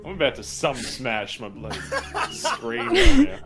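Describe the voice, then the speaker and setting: A man gaming with friends, making deadpan jokes with bursts of shouting. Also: mid-range voice, measured pace. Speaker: gamer streamer. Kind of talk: casual gaming chat. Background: music.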